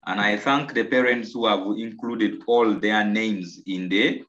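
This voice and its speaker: Ugandan guy teaching english on a video call, real slow and patient, kinda echoey muffled sound. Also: fairly low pitch, steady tone, fairly bright tone. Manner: slow, coaxing, repeats and praises pupils. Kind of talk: online English lesson. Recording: roomy, dull lo-fi video call audio.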